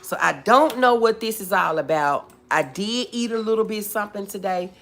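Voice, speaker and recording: A woman hosting a casual livestream speaks at medium pitch and a moderate pace. She reads and chats with viewers in the comments, calling them boo and baby.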